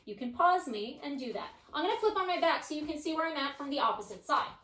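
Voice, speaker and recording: A woman Pilates instructor guiding a follow-along workout with calm, encouraging cues, often checking in with "right?". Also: high-pitched, fast talker. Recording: echoey room.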